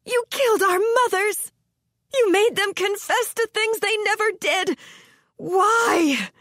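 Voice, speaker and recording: A woman's voice: fairly high pitch, measured pace, no room sound, studio quality, pitched above the performer's own voice. A woman narrator voicing a grief-stricken young woman who screams in rage in an audiobook. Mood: screaming rage. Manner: screaming, near-hysterical. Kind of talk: audiobook character voice.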